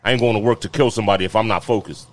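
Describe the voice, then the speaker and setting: A man co-hosting a podcast, telling work stories in loud, laughing casual chat and swearing freely. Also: fairly low pitch, fairly even intonation, rapid-fire. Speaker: podcast co-host.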